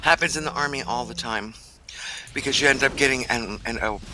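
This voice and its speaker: A man's voice: mid-range voice, fairly quick, noisy background. A man from Boston, an ex-soldier, telling a story in casual chat with friends. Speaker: gamer in voice chat.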